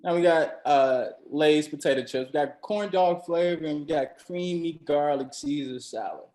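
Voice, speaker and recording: A man's voice: on the high side, normal speed, a little mellow. A man hosting a comedy game, upbeat as he reads out the options and answers. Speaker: game host. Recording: roomy echo.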